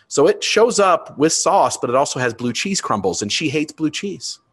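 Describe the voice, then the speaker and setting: A man's voice: fairly high pitch, very animated, normal speed, fairly bright tone, slightly rough. A man in his fifties, a grandfather, telling a family story in casual chat as a podcast co-host. His voice rises and he swears when he gets riled.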